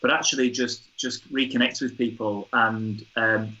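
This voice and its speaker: A man, a theatre director, chatting as a guest and telling a lively anecdote. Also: medium pitch, moderate pace. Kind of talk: casual chat, storytelling. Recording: dull lo-fi recording.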